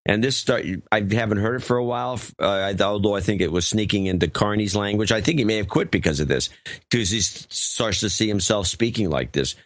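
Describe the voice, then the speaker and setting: An older man co-hosting a talk show, grumbling and sarcastic as he picks apart what he hears. His voice sits a little low, and it is recorded close and dry with no room sound. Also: fairly quick, no echo. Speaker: co-host. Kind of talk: casual chat.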